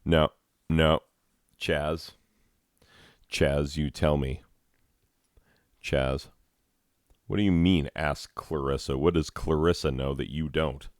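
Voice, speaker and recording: Dude hosting with a super deep voice, dry close mic, wry and mocking himself. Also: male voice, fairly even intonation, slow pace, pauses often, no room sound. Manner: sardonic, self-deprecating, chuckling. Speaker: host, drama teacher. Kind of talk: comedic hosting with asides.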